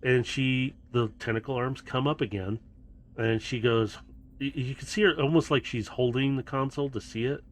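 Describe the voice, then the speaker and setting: A man's voice: mid-range voice, moderate pace. A man narrating and running a tabletop role-playing game as game master, in a casual, storytelling manner with laughs.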